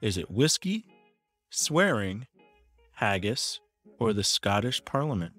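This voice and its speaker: A man's voice: fairly low pitch, big pitch swings, slow pace, pushed and bright, soft background music. A man hosting a casual podcast, reading out quiz questions and teasing his guests with frequent laughter. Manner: teasing, laughs often, reads options aloud. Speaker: podcast host, quizmaster.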